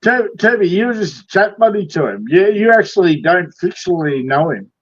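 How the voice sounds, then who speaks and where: A man's voice: high voice, lively intonation, brisk, dry recording, muffled recording. A man who is a guest on a livestream, throwing crude, mocking insults in casual banter.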